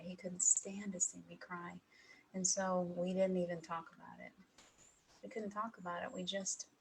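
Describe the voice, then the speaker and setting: A middle-aged woman giving a heartfelt personal talk to an audience, emotional and pausing, with soft laughs. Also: medium pitch, slight background noise, poor audio. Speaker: speaker at an evening talk.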